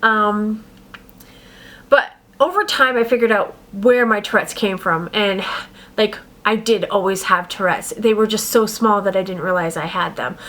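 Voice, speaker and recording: A woman's voice: medium pitch, measured pace, fairly bright tone. A young woman telling her personal story to camera in a rambling, casual way, with sudden vocal tic outbursts. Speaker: vlogger.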